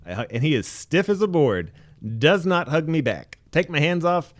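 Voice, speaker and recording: A young man telling stories in casual chat, animated and swearing freely, his voice jumping high when he quotes himself. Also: moderate pace. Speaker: podcast co-host.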